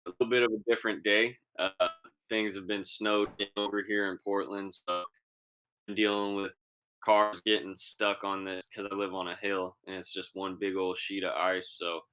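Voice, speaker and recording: A man's voice: deep voice, flat delivery, normal speed, bright, forceful tone, clear, resonant tone. A young man co-hosting a podcast in casual chat, laid-back and slangy with many fillers. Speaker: podcast co-host.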